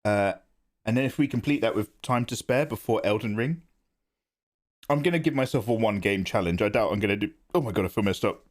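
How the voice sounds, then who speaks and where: A man's voice: fairly low pitch, a little fast. A man chatting casually with viewers while drawing on a livestream from his home setup. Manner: chatty, chats with viewers in the chat. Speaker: art streamer.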